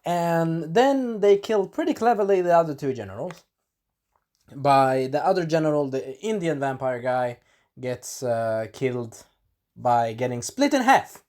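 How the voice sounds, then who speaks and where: A man giving a casual spoken episode recap, animated and breaking into character voices, clearing a scratchy throat. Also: unhurried. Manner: animated, acts out characters in sudden high voices. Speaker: video reviewer.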